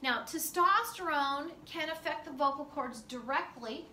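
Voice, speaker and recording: A middle-aged woman lectures her physiology class in a high, bright voice, chatty and loose with plenty of "uh" and "you know." She is picked up from far off in an echoey classroom, with faint noise in the background. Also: measured pace. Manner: chatty, loose, many fillers. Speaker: physiology teacher.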